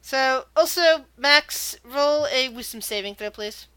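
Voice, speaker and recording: A woman's voice: high-pitched, slow, a bit bright, a little hiss or hum. A woman running a tabletop game as game master, narrating scenes and often restarting her sentences.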